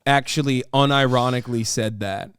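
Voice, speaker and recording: A man's voice: mid-range voice, moderate pace, a bit bright, clear, resonant tone, no room sound, studio quality. A man hosting a stream, giving casual political commentary in a heated, profane way. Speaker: streamer host.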